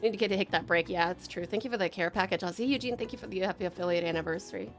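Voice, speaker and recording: A woman's voice: medium pitch, racing, soft background music. Chatty woman streamer reading chat. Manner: chatty and rambling, with many ums and restarts. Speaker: streamer and voice actor. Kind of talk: casual live-stream chat, reading viewer messages aloud. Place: home.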